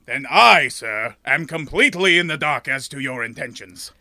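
A man's voice: fairly high pitch, expressive, normal speed, pushed and bright, no echo, studio quality. A man narrating a comedic story as a shopkeeper, in a prim, overly formal, mock-pompous way.

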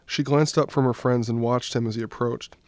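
A young man, a student, reading his own short story aloud in a steady, even storytelling voice. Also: medium pitch, fairly quick, dry recording. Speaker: student reader.

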